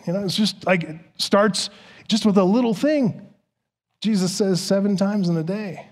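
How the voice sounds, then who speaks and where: A pastor delivering a sermon to his congregation. The man's voice sits high for a man, and he leans hard on key words, repeating them for stress. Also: normal speed.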